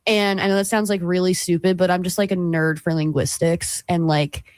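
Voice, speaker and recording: A young woman chatting on a morning radio show, her voice a little lower than most. She rambles animatedly with plenty of "like"s, and the studio sound is dry and close. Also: brisk, no room sound. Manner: rambling, animated, lots of fillers. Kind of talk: casual chat.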